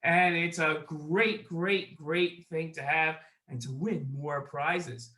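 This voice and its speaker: A man hosting a children's show, giving quiz instructions slowly and deliberately to young viewers. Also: fairly high pitch, steady tone, bright, forceful tone. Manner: slow, deliberate, talks straight to young viewers. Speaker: kids' show host. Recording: roomy echo.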